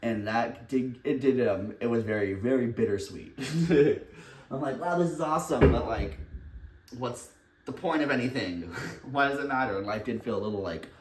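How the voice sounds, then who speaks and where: A man's voice: medium pitch, normal speed, slight background noise. A young man vlogging while baking at home, talking candidly and rambling, laughing often and swearing casually. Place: home kitchen, indoors. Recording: echoey room, distant mic.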